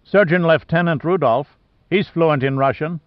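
A man's voice: a little high, moderate pace, no echo, dull audio, voice pushed up, close to an everyday voice. A man voicing a polite, anxious young male naval officer who pleads with his captain, in a storybook reading. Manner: deferential, pleading.

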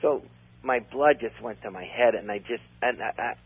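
A man's voice: mid-range voice, normal speed, breathy edge. A man telling a long story in a casual, rambling way, full of restarts. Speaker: comedian guest. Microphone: phone. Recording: tinny phone line.

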